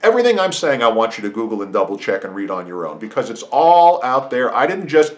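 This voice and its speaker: Middle-aged man, podcast host, opinionated monologue, rambling, restarts, mid-pitched voice. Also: sing-song, fast. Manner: rambling, frequent restarts and asides. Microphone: podcast microphone.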